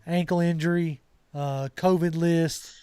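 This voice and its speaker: A man's voice: fairly high pitch, fairly even intonation, a little slow, dark tone, clear, resonant tone, no echo. A man co-hosting a sports podcast, talking in a hesitant way with fillers and restarts. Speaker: podcast co-host. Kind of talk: casual sports podcast talk.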